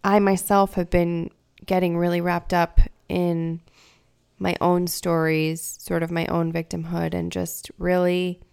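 A woman in her thirties hosts a podcast, offering a casual personal monologue in a lowish, slightly mellow voice with gravelly fry. Her tone is level and unhurried, yet she speaks candidly and emotionally, often searching for words.

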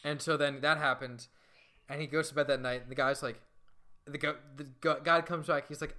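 A man's voice: on the high side, fairly even intonation, normal speed, sharp tone. A man casually retelling a comic book plot with plenty of swearing, quoting the characters as he goes. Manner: profane, retells a comic with quoted voices. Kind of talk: casual storytelling. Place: indoor room with others nearby.

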